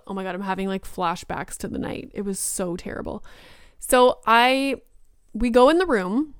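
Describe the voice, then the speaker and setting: A woman's voice: medium pitch, clean tone, no room sound, studio quality. A young woman hosting a podcast, telling a story in a chatty way and filling her speech with "like". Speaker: podcast host. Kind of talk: casual storytelling monologue.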